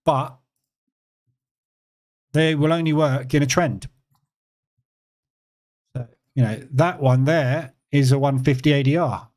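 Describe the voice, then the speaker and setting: Guy running a live trading stream, mid pitch, loose and chatty, lots of ums. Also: slow, long pauses. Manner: relaxed, conversational, answers chat questions; emphatic repetition with frequent fillers. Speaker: trading educator hosting a live session. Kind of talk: live-stream market commentary.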